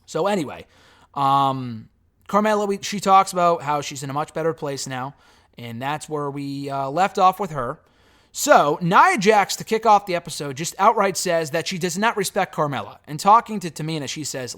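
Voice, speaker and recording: A man with a slightly high voice talks through a casual review, running over the plot bluntly. He is sarcastic and swears freely along the way. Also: expressive, moderate pace, fairly bright tone. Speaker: wrestling show reviewer.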